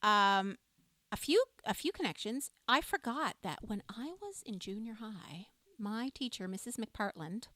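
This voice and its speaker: A woman's voice: mid-range voice, animated, measured pace, sharp tone. A woman co-hosting a live music show, chatting with viewers and telling enthusiastic, laughing stories. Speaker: livestream music show co-host. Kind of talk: casual chat with live viewers.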